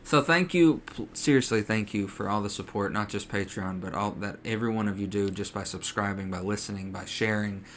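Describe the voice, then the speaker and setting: Man, podcast co-host, fairly low voice, casual and rambling, faint hiss behind. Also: brisk, hardly any pauses, a bit bright. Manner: chatty, many ums and uhs.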